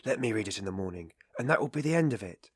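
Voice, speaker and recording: A man's voice: fairly low pitch, expressive, fast talker, husky, no echo, clean studio sound. A man voicing an irritable, feverish young student who speaks in curt, exhausted bursts.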